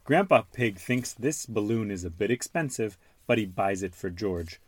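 A man hosting a podcast with his son, reading a children's storybook aloud in an animated, expressive way. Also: on the low side, normal speed, husky.

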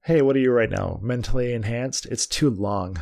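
A man's voice: mid-range voice, normal speed, gravelly, darkish tone. A man co-hosting a podcast, chatting casually and swearing freely. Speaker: podcast co-host. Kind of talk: casual chat.

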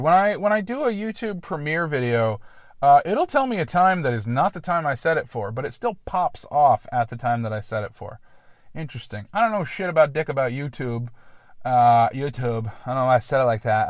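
A man's voice: a little high, no echo, clean studio sound. A man hosting a solo podcast, rambling and self-deprecating with casual swearing, recording outdoors in a park. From Columbus, Ohio. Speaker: podcast host.

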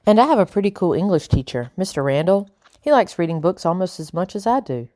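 A woman's voice: fairly low pitch, lively intonation, a little fast, dark tone, no echo, studio quality, pitched above the performer's own voice, close to an everyday voice. A woman doing a sweet, upbeat young girl. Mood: friendly. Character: kind friendly young girl.

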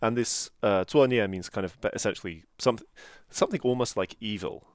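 A man's voice: fairly low pitch, brisk, no room sound, clean studio sound. A man co-hosting a podcast, explaining a classic novel in a careful, explanatory way. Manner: explanatory, careful, pronounces Chinese terms. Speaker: podcast co-host. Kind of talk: casual book discussion.

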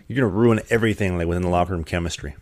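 Young man, casual rambling chat, low voice, dry close mic. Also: very fast, no room sound. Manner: laid-back, rambling, laughs while telling stories. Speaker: podcast host, hockey player.

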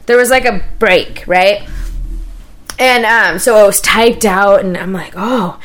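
A woman's voice: mid-range voice, a little slow. A woman in her thirties co-hosting a podcast, telling a rambling, profane story in casual chat. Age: 30s. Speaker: podcast co-host.

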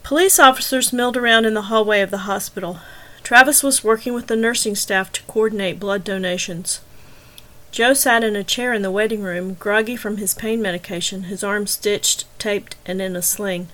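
A woman host and author reading a chapter of her novel in steady, expressive narration. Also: mid-range voice, moderate pace, low-quality recording.

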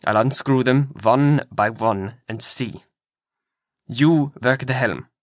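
A man's voice: mid-range voice, slow pace, dry recording, clean studio sound, natural voice. A man voicing a terrified, half-mad male ship's mate who speaks urgently and fearfully.

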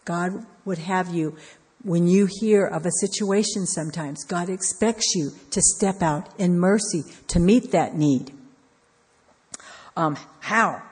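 Brief: low-voiced woman preacher, measured and earnest, long hall reverb. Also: a little mellow, husky. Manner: measured, earnest, repetitive emphasis. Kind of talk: devotional sermon.

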